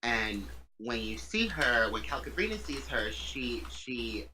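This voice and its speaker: A man narrating a tabletop game as game master, slowly and haltingly, with many pauses and fillers. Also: mid-range voice, big pitch swings, noisy background.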